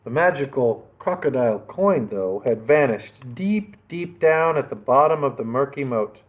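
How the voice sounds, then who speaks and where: In a mid-range, expressive voice at a moderate pace, a male librarian narrates a children's adventure story aloud for storytime, adding dramatic flair. The sound is tinny, as if through a phone.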